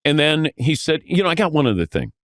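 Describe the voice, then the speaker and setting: A man's voice: fairly high pitch, big pitch swings, fast talker, fairly bright tone, no echo. Older man telling stories, dry mic. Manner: storytelling, acts out quoted voices, self-deprecating. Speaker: sports broadcaster guest. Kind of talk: casual podcast interview.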